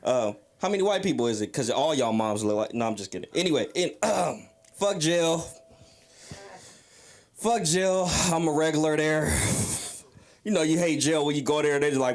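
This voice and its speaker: A man's voice: a little high, normal speed. A drunk man doing a crude, rambling open mic stand-up set on a comedy club stage, roasting the crowd. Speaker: stand-up comic.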